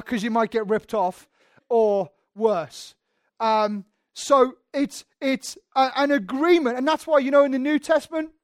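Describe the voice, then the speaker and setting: A woman's voice: a little high, no echo. Chatty woman preaching a casual sermon. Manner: chatty and emphatic, full of "um" and repeated words. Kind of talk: conversational sermon.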